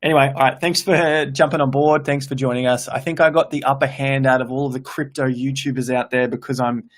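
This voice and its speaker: Un hombre australiano de unos treinta años presenta en vivo un canal de criptomonedas, charla animado mientras lee los comentarios y a menudo se corrige a mitad de frase. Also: male voice, mid-range voice, steady tone, a little fast. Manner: chatty, upbeat, thinks aloud with restarts. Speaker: crypto YouTuber hosting a livestream. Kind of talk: casual livestream chat reading comments. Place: home room with laptop set up.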